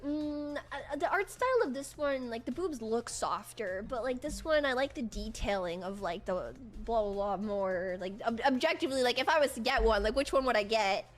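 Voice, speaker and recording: A young woman chatting casually, rambling with lots of "like" and restarts in a deadpan way. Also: a little high, moderate pace, hardly any pauses. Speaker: streamer guest. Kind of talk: casual chat.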